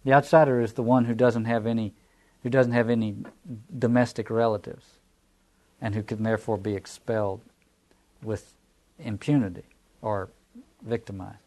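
A man's voice: lowish voice, level tone, moderate pace, long pauses, a little mellow. A man with a Southern American accent, giving a reflective lecture on scripture, restarting phrases and posing rhetorical questions.

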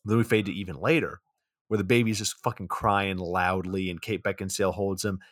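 A man's voice: sits low, fairly even intonation, brisk, no echo, clean studio sound. A man hosting a podcast, casually recapping a film in a loose, profane way full of filler words. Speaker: podcast host.

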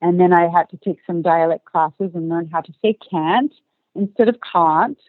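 A woman from Australia with a light Australian accent tinged with British, chatting as an actress and producer in an interview, laughing often and filling pauses with ums. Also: on the low side, steady tone, no echo. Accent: light Australian mixed with British. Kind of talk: casual interview chat. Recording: dry phone-like line.

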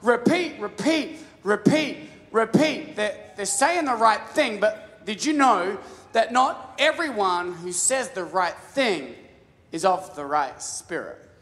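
A man preaching a casual, story-driven sermon, stumbling and restarting his words as he talks. His voice sits a little high for a man. It rings out with a long reverb, as in a large church hall. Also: animated, slow pace, fairly bright tone. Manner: casual storytelling with many restarts and stammered repeats. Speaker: pastor.

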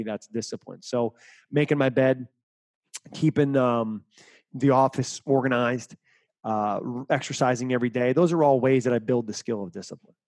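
A man's voice: mid-range voice, darkish tone, no echo. A middle-aged man giving interview answers as a mental performance coach, speaking emphatically and repeating key phrases.

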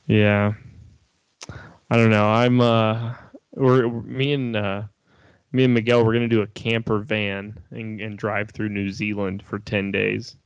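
Laid-back young co-host, low gravelly voice, dull dry mic. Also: male voice, little pitch movement, slow pace, pauses often, no echo. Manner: laid-back, swearing, laughing easily. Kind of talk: casual chat.

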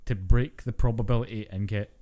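A man co-hosting a casual gaming podcast, chatting quickly about his play-throughs and laughing between points. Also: lowish voice, fairly even intonation, warm tone. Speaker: podcast co-host.

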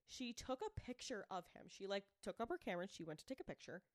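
A woman's voice: mid-range voice, big pitch swings, fast, no echo. Young woman, podcast co-host, chatty storyteller, casual, dry close sound. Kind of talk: casual chat.

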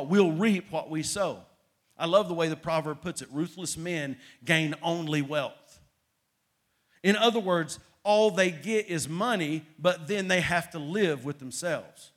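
A man's voice: high-pitched, a bit bright. A man, preaching a sermon as pastor and leading his congregation in reading aloud, swelling to emphatic peaks.

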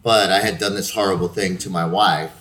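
A man, an actor, chatting casually and telling animated, profane stories from the set. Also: low-pitched, a little fast. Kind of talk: casual chat.

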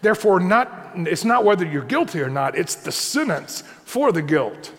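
Male pastor, conversational sermon, high gravelly voice, reverberant hall. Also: big pitch swings, moderate pace, fairly bright tone. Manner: conversational preaching, repeats points, asks the congregation "right?".

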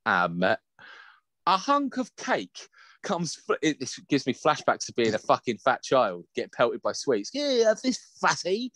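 A man telling a sweary, animated story in casual chat. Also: medium pitch, measured pace, no echo, studio quality. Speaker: podcast co-host.

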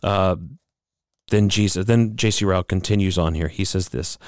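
A man preaching a sermon in an unhurried teaching manner, pausing with fillers and asking rhetorical questions. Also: low-pitched, clear, resonant tone, dry recording, clean studio sound. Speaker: pastor. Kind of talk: sermon with quoted reading.

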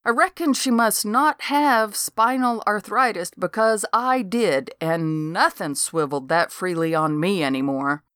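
A woman's voice: medium pitch, a bit bright, clear, resonant tone, no echo, studio quality. A woman narrating a folksy first-person story in a wry storytelling manner, scripted audiobook reading.

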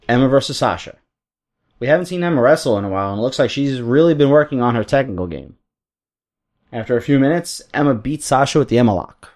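A man's voice: mid-range voice, darkish tone. A man hosting a podcast, casually narrating fantasy wrestling segments. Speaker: podcast host. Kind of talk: reading out fantasy wrestling booking.

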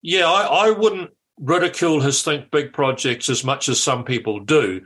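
An older man, a former politician telling anecdotes in a lively way, with frequent restarts. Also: fairly high pitch, moderate pace. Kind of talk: anecdotal storytelling.

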